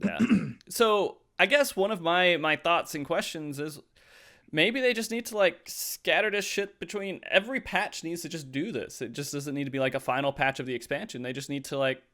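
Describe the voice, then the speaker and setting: Male podcast host, casual and animated, clean smooth tone, pitched a bit high, laughs a lot. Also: moderate pace. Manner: animated, laughs often, trails off and restarts. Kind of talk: casual chat.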